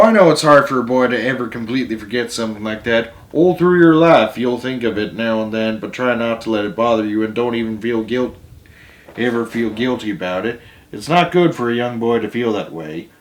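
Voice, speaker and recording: A man voicing an excited old grandfather who runs a country store, talking eagerly and loudly. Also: medium pitch, a little fast, close to an everyday voice. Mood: solemn. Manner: eager, loud, bursting with excitement. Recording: roomy echo.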